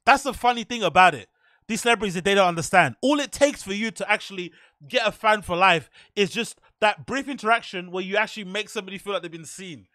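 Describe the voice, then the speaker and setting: A man hosting a podcast, telling stories in a casual, profane, animated way and laughing often. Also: sits high, fast talker, no echo, studio quality. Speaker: podcast host. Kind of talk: casual storytelling monologue.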